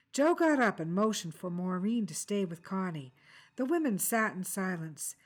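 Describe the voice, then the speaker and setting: A woman's voice: medium pitch, very animated, moderate pace. Woman reading a crime story aloud. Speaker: author reading her fiction.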